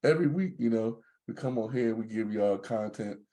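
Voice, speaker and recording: A man's voice: fairly low pitch, normal speed. A man co-hosting a podcast, in casual joking banter. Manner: joking, animated storyteller. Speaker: podcast co-host.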